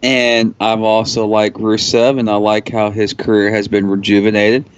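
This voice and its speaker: A man co-hosting a casual wrestling talk show, halting often with ums and restarts. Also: lowish voice, little pitch movement, clear, resonant tone, dull audio. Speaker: podcast co-host.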